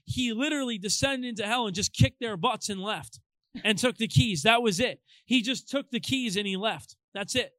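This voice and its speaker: Young male pastor, high-pitched, emphatic, jokey, dry close sound. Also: normal speed, no echo, low-quality recording. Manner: energetic, emphatic and joking. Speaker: youth pastor. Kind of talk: casual chat.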